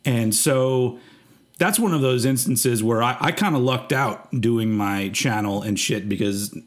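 A man's voice: mid-range voice, a little slow. A man hosting a casual music podcast, rambling with lots of fillers and casual swearing. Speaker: podcast host.

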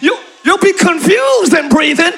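A man preaching a live sermon in a church, shouting his points and calling on the congregation to answer. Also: very high voice, animated, measured pace, vocal fry. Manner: preaching with shouted emphasis and call-and-response to the congregation. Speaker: pastor. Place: church sanctuary.

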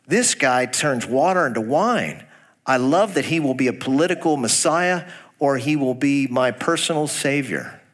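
Male pastor, mid-pitched voice, folksy sermon delivery with direct questions to the congregation. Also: a bit bright. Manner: reads scripture aloud; folksy, jokes about a Texas accent.

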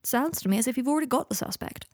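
A woman's voice: high voice, lively intonation, rapid-fire, dry recording, clean studio sound, voice pushed up. A woman voicing a bitter, sardonic young man. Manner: cold, clipped and mocking. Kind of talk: audiobook reading of fan fiction.

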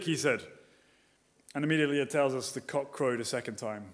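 A man's voice: mid-range voice, brisk. Man preaching with rhetorical questions. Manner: rhetorical questions, shifts between emphatic and quiet. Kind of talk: expository sermon.

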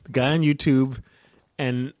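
A man's voice: mid-range voice, steady tone, measured pace, darkish tone, dry recording. Rambling man in a dry studio. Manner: rambling, laughing, self-deprecating. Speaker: podcast host. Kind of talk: casual chat. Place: home studio.

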